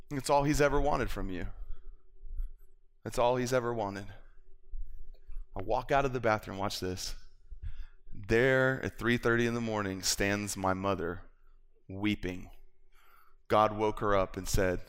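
A man preaching a personal testimony sermon, moving between hushed storytelling and fervent peaks. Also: lowish voice, steady tone, a little slow, long pauses, clear, resonant tone. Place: church sanctuary. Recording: long hall reverb in a church.

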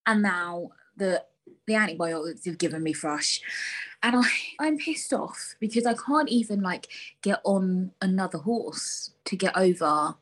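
A woman's voice: medium pitch, animated, unhurried. A young woman hosting a podcast alone, talking candidly and bluntly with lots of swearing. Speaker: podcast host. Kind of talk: casual solo podcast chat.

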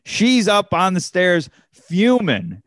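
A man's voice: high-pitched, wildly swooping pitch, takes it slowly, a bit bright, no room sound, clean studio sound. A man casually telling a long anecdote, with many fillers and restarts. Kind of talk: casual chat, storytelling.

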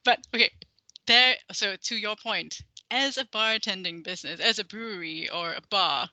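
A woman's voice: mid-range voice, moderate pace, sharp tone, no echo, rough recording. A woman co-hosting a podcast in casual chat, talking hesitantly with many fillers and restarts. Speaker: podcast co-host.

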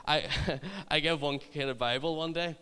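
A man's voice: on the high side, moderate pace, pushed and bright, clean tone, big-room sound. A man, a youth ministry leader telling humorous stories in a sermon. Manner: humorous, chatty anecdotes. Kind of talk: sermon storytelling.

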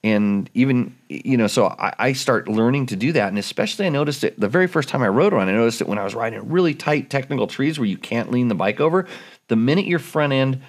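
A man's voice: mid-range voice, animated, fast. A man in casual chat, reviewing a dirt bike in technical detail with frequent restarts.

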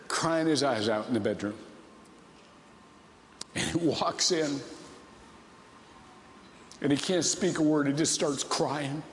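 A man's voice: on the high side, echoey room, long reverb tail, a little hiss or hum. A man from Ohio preaching a sermon, telling a story with many restarts and rising emotional swells. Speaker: pastor.

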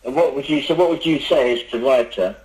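A male podcast host chatting with his guest, his questions winding around before he gets to the point. His voice is a plain middle pitch and relaxed in tone. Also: a little fast, low-quality recording. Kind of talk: casual interview talk.

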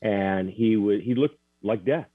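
A man recounting a personal story as an interview guest, earnest and halting, with many restarts. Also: fairly low pitch, dry recording. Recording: tinny dry phone line.

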